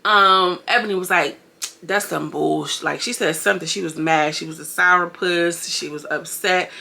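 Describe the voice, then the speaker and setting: A woman giving a chatty, animated recap of a reality show and talking straight to her viewers. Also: fairly low pitch, moderate pace. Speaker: reality TV commentator. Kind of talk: casual recap commentary.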